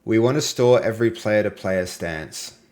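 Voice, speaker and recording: A fairly low-pitched Australian man hosts a casual live coding stream. He talks in a relaxed, playful way with his viewers. He often drops into quiet murmurs while he reads notes aloud. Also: moderate pace. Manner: chatty and playful, trailing off into low mutters while reading. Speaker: game developer streaming live.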